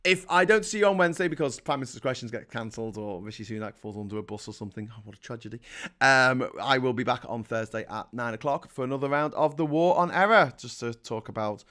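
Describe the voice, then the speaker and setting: A man's voice: medium pitch, expressive, fast talker, pushed and bright. A middle-aged man with a Liverpool accent, hosting a casual livestream, sarcastic and full of swearing as he rants and reads out chat messages. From England. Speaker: livestream host.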